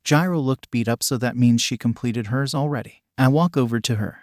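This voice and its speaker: The voice is a man's, mid-pitched and ordinary, reading fan fiction as scripted narration. His delivery stays even and flat, with the odd misread word, and the recording is dry and close, with no room sound. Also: fairly quick, hardly any pauses, no echo. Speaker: fanfic reader.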